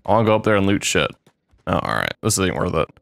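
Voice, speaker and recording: A young man commenting on his own playthrough of a game, reacting excitably and swearing freely, with sudden yelps. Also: sits low, quick pace, vocal fry, no echo. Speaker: gamer playing a modded game. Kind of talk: let's play commentary.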